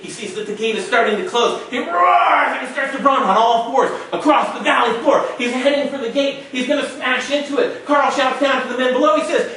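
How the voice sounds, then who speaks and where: A male storyteller performing a tale dramatically, with shouted sound effects. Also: extremely high pitch, slight background noise. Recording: echoey room, mic far off.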